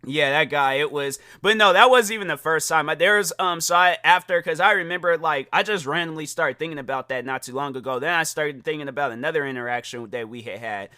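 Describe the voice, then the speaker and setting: A young man hosts a podcast and tells a story as a lively, casual rant, laughing often and acting out the people in it. His voice sits a bit high, bright and forceful, with a smooth, crisp tone. The recording is dry and close. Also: fast, few pauses, dry recording. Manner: animated, acts out quoted voices, laughs often. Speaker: podcast host.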